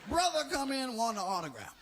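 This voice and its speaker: Animated male stand-up comic, very high. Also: a little fast, a little hiss or hum. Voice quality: profane, animated storytelling with acted voices. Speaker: stand-up comedian. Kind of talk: live stand-up comedy.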